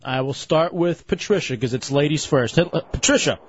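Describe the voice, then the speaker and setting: A man hosting a radio show, chatting casually and joking around, quick to rattle off phone numbers. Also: a little high, slightly rough, no room sound. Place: radio studio. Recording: slightly muffled broadcast audio.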